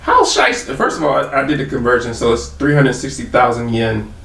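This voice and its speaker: A man co-hosting a podcast in casual chat, laid-back and joking, quick to agree. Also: medium pitch, sing-song, gravelly, a bit bright. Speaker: podcast co-host. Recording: echoey room, distant mic.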